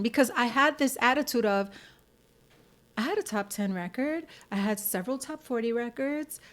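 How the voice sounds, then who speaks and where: A woman's voice: on the high side, animated, moderate pace. An American woman, a singer-songwriter and actress, telling her story candidly in a casual interview and acting out the voices of people she quotes.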